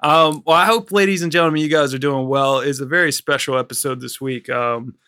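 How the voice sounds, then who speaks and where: A man's voice: medium pitch, fairly even intonation, a little fast, pushed and bright, clear, resonant tone. A man from Virginia co-hosting a film podcast in a rambling, joking casual chat, swearing freely, with a mild Southern accent. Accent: mild American Southern. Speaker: podcast co-host.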